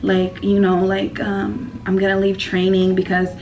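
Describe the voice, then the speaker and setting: A woman's voice: mid-range voice, completely flat delivery, measured pace, a little mellow, far from the mic, lo-fi sound, slight background noise. A woman telling a personal story in a casual vlog, rambling and emotional with lots of fillers.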